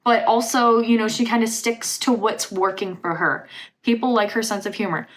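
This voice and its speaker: A woman's voice: on the high side, fairly even intonation, normal speed. Woman doing a chatty album reaction vlog, says like a ton, super gushy. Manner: gushing, filler-heavy talk with lots of "like". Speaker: music reaction vlogger. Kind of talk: casual album review chat.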